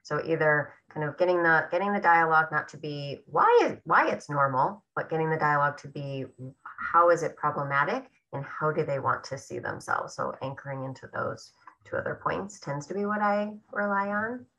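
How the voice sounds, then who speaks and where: A woman clinician giving a teaching talk, explaining her approach in an affirming, measured way over a video call. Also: sits low, expressive, bright, forceful tone. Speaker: presenting clinician. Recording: dull lo-fi video-call audio.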